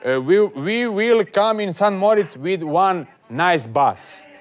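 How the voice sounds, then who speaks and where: Croatian-accented male prank caller, slow, fumbling English, slightly raised pitch. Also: expressive. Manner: broken hesitant English, full of "uh". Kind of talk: prank phone call.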